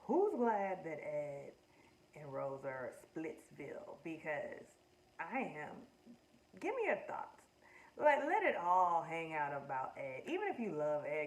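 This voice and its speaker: A woman talking casually and with strong opinions as she reviews a show, speaking straight to her viewers. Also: low voice. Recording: echoey room, distant mic, faint ambience.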